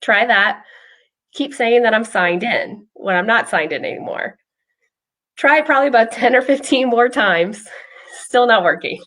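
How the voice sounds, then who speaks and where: In a casual explanatory chat, a behavioral health clinician shares a personal story with frequent ums. She has a fairly high-pitched, expressive voice with a fairly bright tone, speaking at normal speed.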